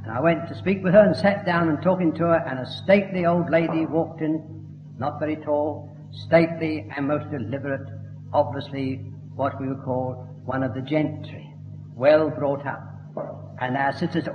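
A man's voice: a little high, fairly even intonation, moderate pace, slight background noise. A man preaching a sermon, emphatic and building to fervent declamation. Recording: echoey hall, dull lo-fi sound.

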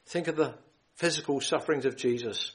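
A man delivers a gospel sermon in an earnest, pleading way, quoting scripture, repeating phrases and often clearing his throat. His voice sits in the mid-range and moves briskly, and the audio quality is poor.

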